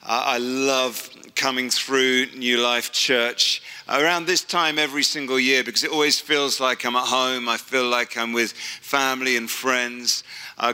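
British guy guest preaching, witty, super bright clear voice, echoey church hall. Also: medium pitch. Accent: British English. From England. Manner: witty, self-deprecating, stammering restarts. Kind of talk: sermon with humorous asides. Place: church service.

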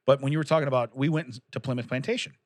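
A man chatting on a podcast, laughing often as he rambles. His voice sits at an ordinary middle pitch. The recording is dry and close. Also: fairly even intonation, rapid-fire, no room sound. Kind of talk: casual chat.

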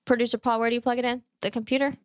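A woman's voice: fairly high pitch, level tone, rapid-fire, dry recording. Rambling woman telling a story, dry sound. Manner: rambling storyteller, lots of "like" and restarts. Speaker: podcast co-host. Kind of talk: casual chat.

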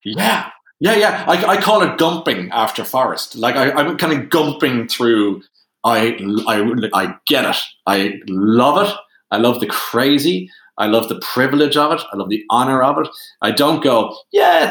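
A man with an Irish accent, a podcast guest telling a lively self-deprecating anecdote. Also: medium pitch, a little slow. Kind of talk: animated storytelling. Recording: roomy echo.

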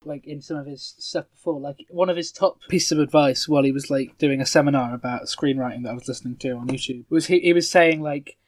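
A man's voice: on the high side, quick pace, hardly any pauses, no room sound. A man chatting casually on a podcast, rambling in a self-deprecating way and chuckling between thoughts. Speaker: podcast co-host.

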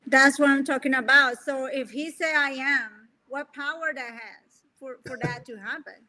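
A woman's voice: sits high, steady tone, normal speed, crowd noise. A woman co-hosting a scripture discussion, answering her husband in an earnest, emphatic way. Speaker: co-host, wife of the teacher.

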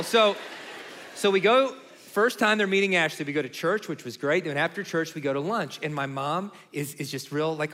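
A man in his forties, co-hosting and telling comic stories in an animated, laughing way. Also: fairly high pitch, normal speed, long reverb tail. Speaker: co-host. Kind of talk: comic storytelling in conversation.

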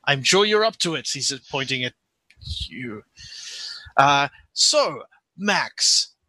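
A man's voice: medium pitch, lively intonation, pushed and bright, no room sound, voice pushed down, full character voice. A man doing a polite, flustered male official. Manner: polite, halting, formal phrasing.

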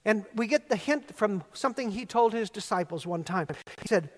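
High-voiced male pastor in echoing hall. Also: animated, normal speed. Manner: earnest storytelling preacher, repetitive emphatic phrasing. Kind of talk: sermon. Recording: long reverb of a large hall.

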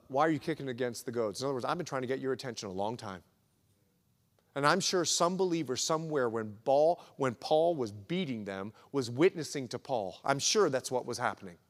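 A man preaching a sermon as pastor, emphatic and repetitive, swelling and dropping in intensity. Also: high voice. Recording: echoey hall recording.

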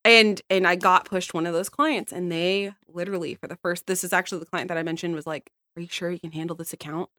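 A woman in her thirties from the United States, a podcast guest telling a work story in casual chat, blunt and lively, laughing often. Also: on the low side, fairly quick, no echo, studio quality. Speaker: podcast guest, account manager.

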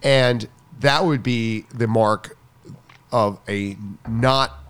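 A man's voice: mid-range voice, extremely slow, a bit bright, clear, resonant tone. A man co-hosting a casual chat about tennis coaching, enthusiastic and emphatic, often repeating himself for stress.

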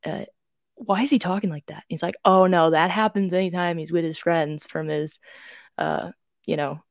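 A young woman co-hosts a podcast, rambling through stories in casual chat full of fillers and restarts. Her voice sits fairly low, with fairly even intonation and a moderate pace. The recording is clean studio sound with no room sound.

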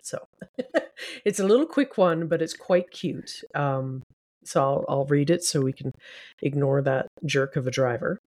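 A woman's voice: low-pitched, expressive, measured pace, a little mellow. A woman co-hosting a podcast, upbeat and giggly, chatting and reading listener stories. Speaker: podcast co-host. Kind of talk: casual chat and story reading.

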